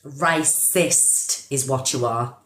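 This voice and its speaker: A woman's voice: very deep voice, slow, a bit bright, echoey room. A middle-aged British woman hosting a live stream, ranting angrily and emphatically with plenty of swearing. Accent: British English. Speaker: TikTok live host.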